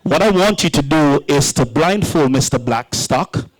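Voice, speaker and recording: A playful male wedding emcee who works the room with jokes. His delivery is unhurried and his pitch swings widely, sitting a little high for a man. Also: animated, low-quality recording. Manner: playful, joking with the crowd. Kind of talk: hosting a wedding reception.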